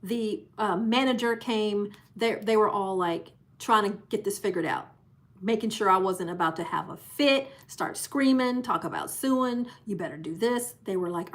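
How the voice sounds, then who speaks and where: A woman's voice: mid-range voice, moderate pace. A woman hosting a live cruise channel, telling a story casually and acting out the voices of the people in it. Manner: animated storyteller who acts out quoted voices.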